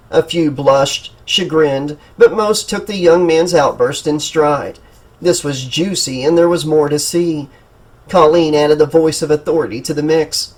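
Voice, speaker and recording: Husky male narrator, slightly high voice, steady and dramatic, audiobook reading. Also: a little slow, poor audio. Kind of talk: scripted narration.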